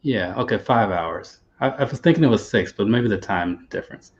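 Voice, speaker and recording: A man's voice: on the low side, expressive, normal speed. A man hosting a casual livestream chat, easygoing and rambling, with hesitant stops and restarts. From United States. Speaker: livestream host. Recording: dull lo-fi sound.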